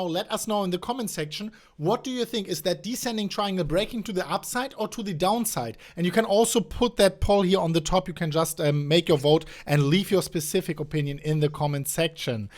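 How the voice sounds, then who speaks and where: A man with a German accent hosting a casual market talk on a call, animated and speaking slightly broken English. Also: high-pitched, a little fast, few pauses. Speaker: host.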